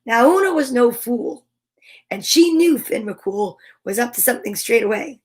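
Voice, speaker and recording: A woman's voice: on the high side, lively intonation, moderate pace, darkish tone, husky. A woman hosting a children's storytime, reading a storybook aloud playfully and animatedly, with chatty asides. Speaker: storytime host.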